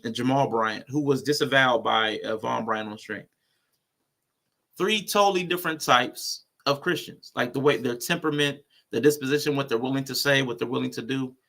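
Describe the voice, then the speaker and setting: A man's voice: mid-range voice, creaky, pushed and bright. A man hosting casual reaction commentary, blunt and conversational. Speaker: host.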